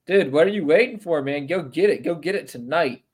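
A man's voice: fairly high pitch, expressive, brisk, darkish tone, breathy edge. A man hosting a podcast in casual chat, jumping in with eager, short interjections. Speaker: podcast host.

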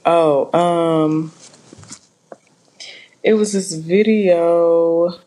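A woman's voice: fairly low pitch, steady tone, extremely slow, dark tone. A woman co-hosting a podcast in a casual, laid-back chat, drawing out her thoughts and chuckling now and then. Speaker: podcast co-host.

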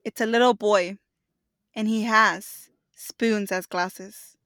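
A woman's voice: medium pitch, fairly even intonation, takes it slowly, a bit bright, dry recording. A young woman co-hosting a casual podcast, running a quiz in an upbeat, teasing way. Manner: teasing, upbeat, laughs often. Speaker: podcast co-host, quizmaster. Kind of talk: casual chat.

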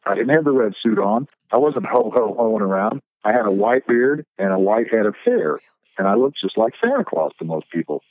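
A middle-aged man with a fairly low voice, telling relaxed stories as a podcast guest. His voice comes through a thin, phone-like line with no room sound at all. He slips into little voices when he quotes people. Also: moderate pace, no room sound. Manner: relaxed storyteller, acts out voices in his tales. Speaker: guest, professional Santa Claus. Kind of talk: casual podcast storytelling.

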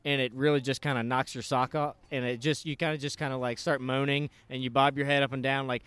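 A man's voice: fairly high pitch, moderate pace, fairly bright tone, clean tone, dry recording. A man hosting a podcast, chatty and enthusiastic, rambling loosely as he talks. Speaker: podcast host. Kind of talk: casual podcast intro and interview. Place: restaurant.

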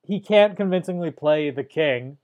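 A man's voice: fairly high pitch, lively intonation, phone-quality sound. A man hosting a podcast, dryly reviewing a movie and reading trivia with wry asides. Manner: dry, wry, reads trivia haltingly. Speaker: podcast host. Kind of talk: casual movie review chat.

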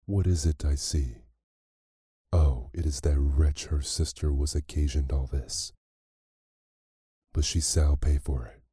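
A man voicing a harsh, scolding mother in a storybook reading, with old-fashioned speech, close to his own deep voice. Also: steady tone, takes it slowly, pauses often, mellow, husky, no room sound, heavily acted.

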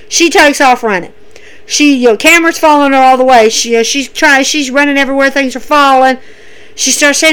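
A woman recapping wrestling shows in a casual, excitable way, acting out what people said. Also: sits high, normal speed, clean tone, low-quality recording. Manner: excitable storyteller acting out quotes.

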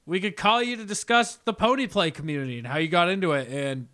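A young man with a slightly raised voice recounts a story to his co-hosts, animated and quick to swear. He laughs often as he talks, in loose, casual podcast banter. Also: high voice. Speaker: podcast co-host.

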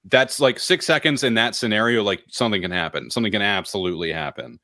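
A deep-voiced man, chatting on a podcast in a bright, forceful tone. He rambles through self-mocking stories with lots of energy. The sound is dry and close to the mic. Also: fast, dry recording. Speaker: podcast co-host. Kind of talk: casual chat.

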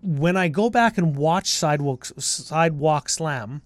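A man co-hosting a podcast, reading sponsor spots and explaining his thoughts in a steady, teasing way. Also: a little high, measured pace, dry recording. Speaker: podcast co-host. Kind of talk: casual podcast talk and sponsor reads. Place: podcast recording booth.

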